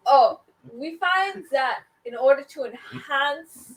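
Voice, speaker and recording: A woman's voice: high voice, expressive, slow pace, recorded from a distance, slight background noise, poor audio. A woman voicing a theatrical male vampire boss who is glittery and eager, with a wobbling put-on accent. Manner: unsure wobbling accent, giggly.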